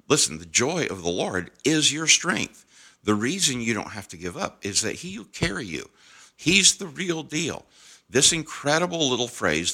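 Deep, bright-toned devotional podcast man. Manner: earnest, encouraging, repeats phrases with shifting emphasis.

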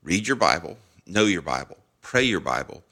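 A man's voice: low voice, sing-song, normal speed, gravelly, sharp tone. A man hosting a daily devotional podcast, giving an earnest, encouraging short sermon and repeating phrases with shifting emphasis.

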